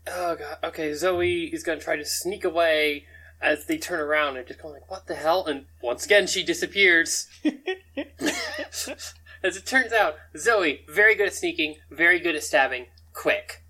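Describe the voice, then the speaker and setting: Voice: medium pitch, normal speed, sharp tone, rough recording. A game master narrating a tabletop game in a rambling way, often chuckling between descriptions.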